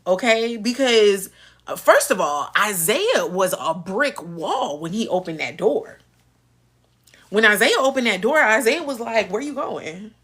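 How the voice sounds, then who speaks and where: Animated, sassy woman live-streaming. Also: medium pitch. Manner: animated and sassy, laughing and mimicking characters. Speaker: host of a live soap-opera recap stream. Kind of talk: casual live-stream commentary.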